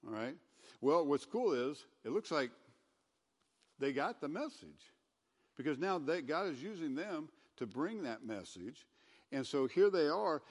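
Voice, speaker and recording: A man giving a conversational sermon as a pastor, who gets loud and emphatic when he reads scripture aloud. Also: fairly high pitch, long reverb tail. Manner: conversational preaching, rising to loud scripture reading.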